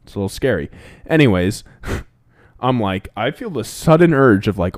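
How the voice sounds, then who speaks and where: A young man from Illinois co-hosting a podcast, telling a story in a loose, animated way and getting loud at the funny parts. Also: mid-range voice, measured pace, long pauses, no echo, clean studio sound. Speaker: podcast co-host. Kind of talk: casual storytelling.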